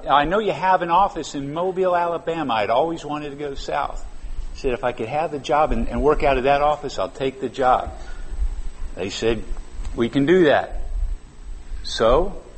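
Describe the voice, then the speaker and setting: A man's voice: medium pitch, long reverb tail. A man in his fifties preaching a sermon in a church, conversational and drawing out key words for emphasis. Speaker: pastor. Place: church sanctuary.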